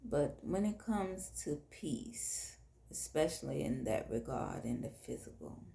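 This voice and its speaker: A woman host with a Southern US accent, speaking frankly and deliberately, addressing men directly. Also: deep voice, sing-song, creaky, warm tone, roomy sound, slight background noise. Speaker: podcast host. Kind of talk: frank monologue on faith and relationships.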